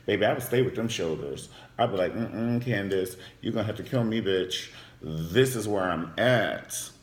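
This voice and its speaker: A flamboyant man dishes on a TV drama with sass and gossip, his pitch swinging widely and leaping into squealing highs. The voice rings out in an echoey room. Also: expressive, moderate pace. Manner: sassy, flamboyant, gossipy with sudden high squeals. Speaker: TV show reviewer. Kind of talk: casual recap vlog.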